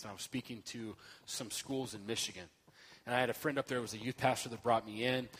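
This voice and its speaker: A man giving a sermon as a guest speaker, telling a story in an animated, joking way that swings from loud to soft. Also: medium pitch, big-room sound, a little hiss or hum.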